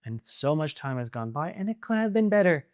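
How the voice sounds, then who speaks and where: A man with a voice on the higher side for a man talks casually to his viewers as a channel host. He is animated and pushes his points with exasperated rhetorical questions. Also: brisk. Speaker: video essay host. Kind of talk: casual opinion commentary to camera.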